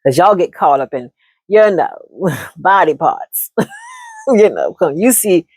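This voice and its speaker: Brief: a lively woman storyteller, husky, swooping pitch, keeps saying honey. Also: slow, no echo. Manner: animated, laughs often, calls listeners honey. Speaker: storyteller giving relationship advice. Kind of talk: casual storytelling monologue.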